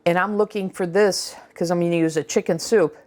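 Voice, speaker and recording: A woman's voice: on the low side, fairly even intonation, brisk, a little mellow. A woman hosting a casual cooking vlog, talking chattily with fillers and restarts as she runs a taste test. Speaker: cooking channel host.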